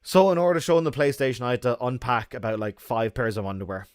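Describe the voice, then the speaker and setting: A man in his young adult years tells stories to his stream audience with lots of energy, swearing and laughing as he goes. His voice sits at an ordinary middle pitch, and the sound is dry and close, with little room echo. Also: fast talker. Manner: animated, swearing, laughing often. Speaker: YouTuber. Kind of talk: casual livestream chat and storytelling.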